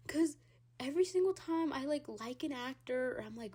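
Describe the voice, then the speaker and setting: A young Hispanic woman takes her time on her podcast, speaking slowly with long pauses in a husky voice as she rants alone. She's animated despite the pace, swearing freely, laughing often and shifting sharply from loud squeals to low mutters.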